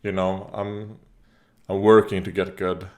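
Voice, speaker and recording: A man's voice: low-pitched, flat delivery, unhurried, darkish tone. A man hosting a reaction video, chatting casually as he watches, rambling with fillers, coughing now and then and talking back at the screen. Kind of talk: casual commentary while watching.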